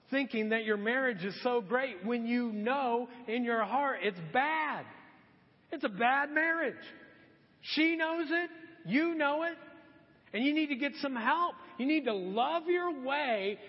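High-voiced preacher in an echoey church. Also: male voice, lively intonation, slow pace. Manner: earnest, exhorting, repeats key questions. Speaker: pastor. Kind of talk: sermon. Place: church sanctuary. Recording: dull sound with long church reverb.

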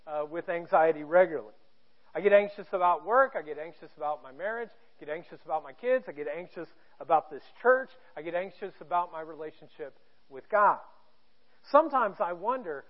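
A man's voice: high voice, animated, normal speed. A man from Indiana preaching a sermon in a church auditorium, candid and self-deprecating, with a joking manner. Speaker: pastor. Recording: tinny, phone-like narrow sound.

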